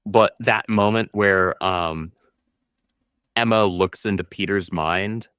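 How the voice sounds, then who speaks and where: Low-voiced laid-back male podcaster. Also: slow pace, a bit bright, clear, resonant tone, no echo, studio quality. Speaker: podcast co-host. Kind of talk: casual comic book chat.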